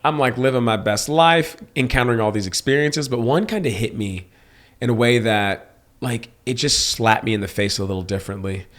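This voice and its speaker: A young man from Texas, co-hosting a podcast, telling personal stories in a lively, joking way. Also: brisk. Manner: animated storyteller, swings into high mocking voices for quotes. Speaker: podcast co-host. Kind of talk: casual chat.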